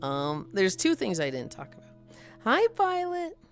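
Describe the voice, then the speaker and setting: A woman's voice: medium pitch, huge pitch swings, measured pace, faint music behind. A woman streamer chatting casually with viewers, swearing freely and laughing often.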